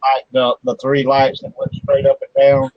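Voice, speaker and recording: This man explains things at an easy, wandering pace with an ordinary pitch. The recording is dry and close. The sound is dull and lo-fi. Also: moderate pace, creaky, no echo. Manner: explains in a relaxed, meandering way. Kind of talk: casual chat.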